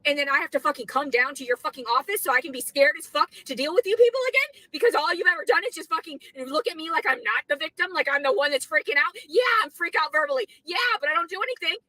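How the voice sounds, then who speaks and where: Woman, angry profane rant, high-pitched, rapid, outdoor phone clip. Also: pushed and bright, dry recording, rough recording. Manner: profane, furious ranting. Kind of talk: angry ranting video clip. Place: outdoors outside a store.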